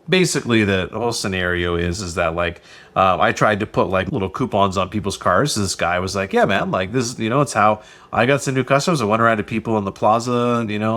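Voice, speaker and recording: A man's voice: on the low side, fairly bright tone. A middle-aged man hosting a solo business podcast, rambling through anecdotes and acting out the people he quotes. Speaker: podcast host and restaurant business coach. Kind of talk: casual solo podcast talk.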